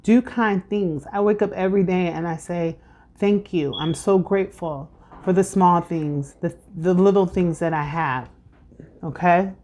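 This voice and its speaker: Woman in her thirties, tarot reader, chatty, lowish voice, home vlog. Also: a little slow, darkish tone. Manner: chatty, filler-heavy and preachy. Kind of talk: casual tarot reading vlog.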